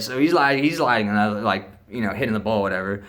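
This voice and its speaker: A man's voice: lowish voice, fairly even intonation, fast, fairly bright tone. A young man telling a casual, profane story to camera, acting out the other people's voices and sound effects as he goes.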